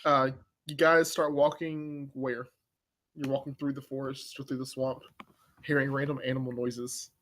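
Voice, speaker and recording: A man's voice: medium pitch, level tone, normal speed, fairly bright tone, a little hiss or hum. A man acting as game master, running a tabletop game with friends in a playful, teasing way.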